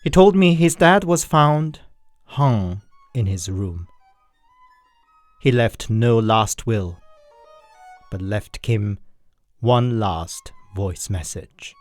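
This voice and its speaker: Male horror-story narrator, unhurried and lively in pitch; dry read, faint violin bed. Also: no room sound. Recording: dry, with soft violin music. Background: faint violin music.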